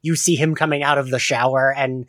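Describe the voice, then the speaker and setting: A woman's voice: extremely low pitch, steady tone, fairly quick, no room sound, studio quality. A woman hosting a casual podcast chat, giggly and full of fillers. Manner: giggly, chatty, lots of fillers. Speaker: podcast host.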